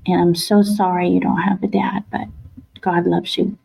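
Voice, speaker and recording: Heartfelt woman with a gravelly voice. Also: fairly low pitch, little pitch movement, poor audio. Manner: heartfelt, halting with restarts and soft laughs. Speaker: guest, author and wife of host. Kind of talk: casual podcast storytelling.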